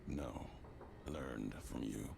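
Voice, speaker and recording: Ulysses, a very deep, gravelly avenger. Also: male voice, noisy background, full character voice. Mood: grim. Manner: slow, solemn, cryptic speech. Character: grim, brooding man bent on vengeance. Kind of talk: video game dialogue.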